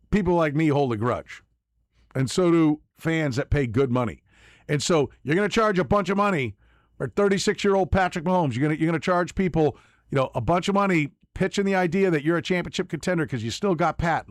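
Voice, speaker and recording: A man's voice: a little high, no room sound, clean studio sound. A man hosting sports talk radio, giving emphatic opinions and often repeating words as he starts a point. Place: radio studio. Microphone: studio microphone.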